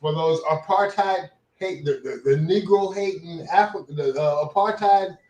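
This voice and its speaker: Casting: older man, slightly high voice, swearing, storytelling host, echoey room. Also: moderate pace, lo-fi sound. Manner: rambling, animated anecdotes with profanity. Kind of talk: casual storytelling chat.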